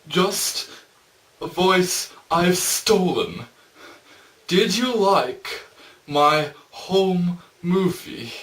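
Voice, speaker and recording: A man's voice: sits high, expressive, fairly bright tone, exaggerated voice. A man playing a taunting, echoey mystery caller. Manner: slow, taunting. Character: sinister mysterious caller, adult male. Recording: echoey, distant mic.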